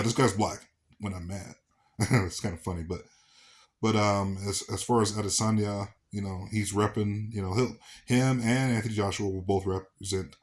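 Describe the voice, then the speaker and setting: A man from the American South talking casually to camera as a vlogger, rambling with fillers and restarts. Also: lowish voice. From Southern United States.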